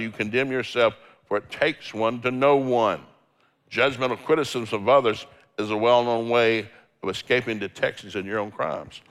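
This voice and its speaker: A man's voice: medium pitch, a bit bright. A middle-aged man preaching as a guest speaker, quoting scripture and acting out everyday dialogues in a folksy storytelling manner. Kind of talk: sermon.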